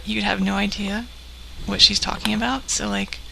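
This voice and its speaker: A woman's voice: mid-range voice, steady tone, normal speed, gravelly, heavy background noise. A woman co-hosting a prank call show, chatting casually with lots of "like". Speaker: prank caller co-host. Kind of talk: casual chat.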